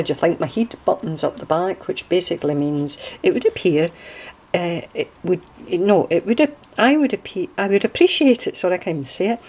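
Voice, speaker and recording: A woman's voice: on the low side, darkish tone, slight background noise, poor audio. A woman from Scotland with a Scottish accent, chatting casually as she shows a handmade journal and wanders off to explain local sayings. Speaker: crafter showing a handmade journal. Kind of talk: casual show-and-tell video.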